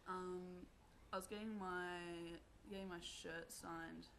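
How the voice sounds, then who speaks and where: A young woman telling a personal story to camera in a rambling, halting way, full of fillers. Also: on the low side, fairly even intonation, vocal fry, fairly bright tone, a little hiss or hum. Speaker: vlogger.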